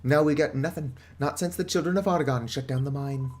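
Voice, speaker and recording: A man's voice: fairly high pitch, fairly quick, a little mellow, a little hiss or hum, close to an everyday voice. A man doing a gloomy British pub landlady. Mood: grumbling. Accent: British (put on). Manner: theatrical, dramatic reading. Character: chatty older woman pub landlady, gloomy.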